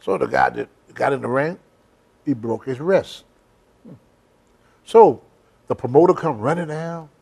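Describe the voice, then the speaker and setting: A man's voice: mid-range voice, a little slow, vocal fry, pauses often, darkish tone, slightly rough. An older man hosting a casual interview, telling blunt, rambling stories in a folksy way. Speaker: host. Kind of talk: casual storytelling chat.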